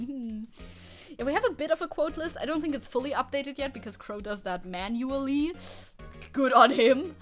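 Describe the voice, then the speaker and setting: A woman's voice: on the high side, pushed and bright. A young woman streaming a game, chatting casually with her chat and laughing often. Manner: giggly, chatty, quick to laugh. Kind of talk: casual gameplay commentary.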